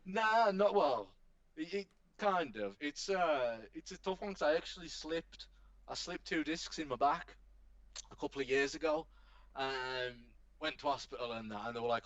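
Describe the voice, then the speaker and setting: A man, a professional wrestler chatting as a podcast guest, telling animated stories and swearing casually. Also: a little high, normal speed, no echo. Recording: dull, dry podcast recording.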